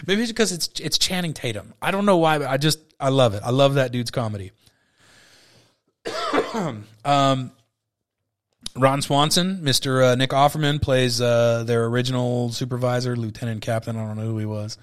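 A man's voice: mid-range voice, fairly bright tone. A man in his thirties hosting a podcast, chatting casually about a movie he loves, rambling and swearing freely. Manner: rambling, profane, with frequent fillers. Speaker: podcast host. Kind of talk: casual movie review chat.

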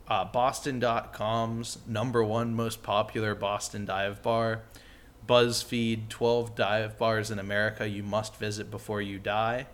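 A man's voice: fairly low pitch, a bit bright. Young male podcast co-host, chatty and rambling. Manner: chatty, rambling with lots of "like" and "you know". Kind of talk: casual chat.

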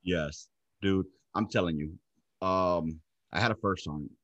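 A man's voice: low-pitched, measured pace, fairly bright tone, lo-fi sound. A middle-aged man who is an army veteran, talking casually and telling stories with heavy, emphatic swearing. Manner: profane, emphatic storytelling. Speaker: podcast host, army veteran. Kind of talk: casual chat.

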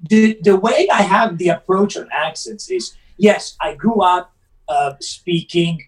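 High-voiced man, a bit off-mic. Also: animated, unhurried, distant mic, rough recording. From Italy. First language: Italian. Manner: earnest, methodical explainer. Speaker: actor guest. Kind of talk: casual interview chat.

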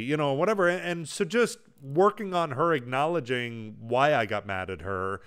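Animated, lively-voiced podcast dad. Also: male voice, a little high, a little fast, few pauses, clear, resonant tone. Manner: animated storyteller, acts out family dialogue. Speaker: podcast co-host. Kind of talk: casual podcast chat.

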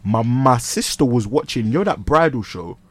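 A young man, co-hosting a comedy podcast and telling a story in animated slang, laughing as he goes. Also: mid-range voice, normal speed, dry recording. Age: young adult. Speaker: podcast co-host.

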